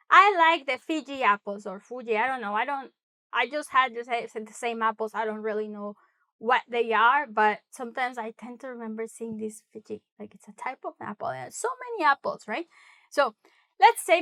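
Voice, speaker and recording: A woman teaching a casual Spanish lesson, switching between English and Spanish and slowly repeating example phrases. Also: on the high side, expressive, bright, forceful tone. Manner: chatty, thinks aloud with small asides.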